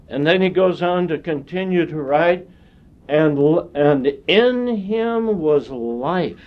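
A man preaching a sermon in a slow, deliberate way, with long pauses between phrases. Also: on the high side, expressive. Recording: dull lo-fi sound.

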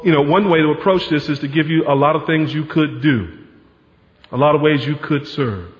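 A man preaching a sermon as pastor, in a conversational way with frequent rhetorical asides. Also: on the high side. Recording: dull sound with long hall reverb.

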